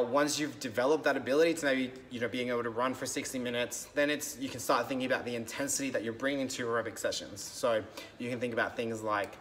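A man's voice: mid-range voice, a bit bright, slight background noise. Casual man explaining fitness with many ums. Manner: loose and conversational, many ums and restarts. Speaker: fitness coach. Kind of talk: casual explanatory talk to camera.

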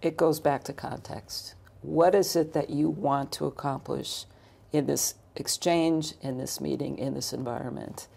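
A woman's voice: low-pitched, steady tone, unhurried, creaky, warm tone, husky. A woman, a coach and author, explaining her ideas as an interview guest, building points with lists of questions.

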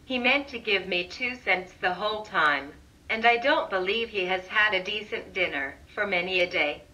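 A woman's voice: medium pitch, normal speed, pushed and bright, far from the mic, voice pushed down, close to an everyday voice, rough recording. A woman voicing a generous, eager young boy in a storybook reading.

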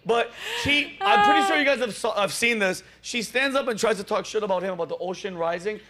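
A man hosting a comedy talk show, joking and cursing in a lively, animated way. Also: high voice, a little fast, very noisy. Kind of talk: casual comedic banter.

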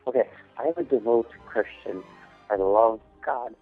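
A man's voice: medium pitch, moderate pace, soft background music. A man leaving a voicemail, earnest and indignant. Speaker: voicemail caller. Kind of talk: voicemail message. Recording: tinny phone voicemail.

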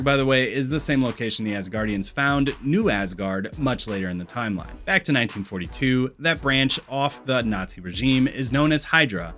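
A man's voice: mid-range voice, fairly bright tone. A man with a Missouri accent narrating a scripted film commentary with wry, sarcastic asides. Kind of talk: scripted video-essay commentary.

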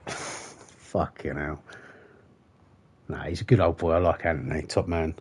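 A gaming livestreamer with a low, unhurried, slightly rough and somewhat mellow voice, pausing often. He chats casually with viewers while playing, rambling, joking, swearing often and laughing at his own jokes.

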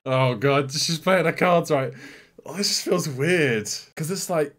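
A man's voice: on the high side, measured pace, over music. A young man hosting a reaction video, making casual jokes and laughing often as he comments. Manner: joking, laughs often, lively asides.

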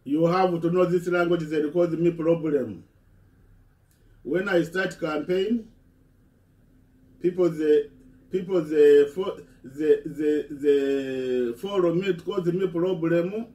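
Man, halting impassioned speech, mellow tone, distant echoey recording. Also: fairly high pitch. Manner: halting, repeats words and restarts.

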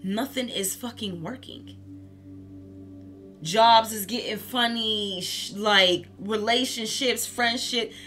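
A woman's voice: a little high, fairly bright tone. A woman giving a casual tarot reading, candid and profane, laughing often as she talks. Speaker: tarot reader.

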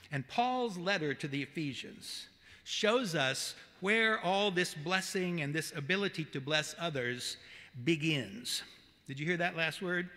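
Southern pastor preaching in a reverberant church. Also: male voice, a little high, bright, forceful tone. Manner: earnest, measured preaching with emphatic repetition. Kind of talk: sermon. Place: church sanctuary.

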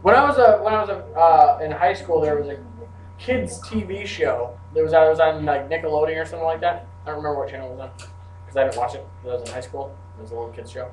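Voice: mid-range voice, fast talker, darkish tone. A teacher giving a grammar lesson to a class, with playful, joking asides. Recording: echoey classroom from far off, faint hum.

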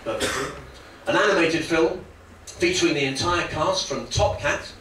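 A man doing stand-up comedy, jokey and lively, often slipping into put-on voices. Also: a little high, measured pace, noisy background. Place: comedy club stage. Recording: roomy club sound from far off. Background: audience laughter.

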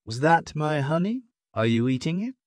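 A man voicing a big male lion who is proud, stern and quick to threaten, in a storybook tale for learners. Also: fairly high pitch, big pitch swings, no room sound, clean studio sound, pitched above the performer's own voice. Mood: questioning.

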